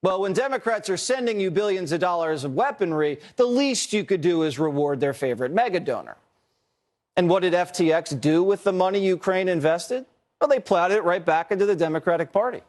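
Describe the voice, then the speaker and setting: A man delivering a pointed commentary segment, played as a clip. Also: high-pitched.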